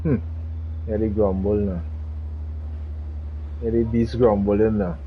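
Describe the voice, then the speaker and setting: A man's voice: on the low side, level tone, takes it slowly, narrow, tinny audio, slight background noise. A man hosting a gaming channel, giving laid-back commentary while he drives, muttering and repeating himself. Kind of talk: casual gameplay commentary.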